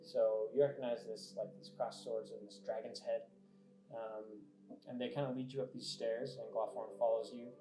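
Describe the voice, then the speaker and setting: A man's voice: fairly low pitch, flat delivery, normal speed. A man narrating a tabletop game as game master, casual with many fillers, in an echoey lo-fi recording. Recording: echoey lo-fi room with faint music.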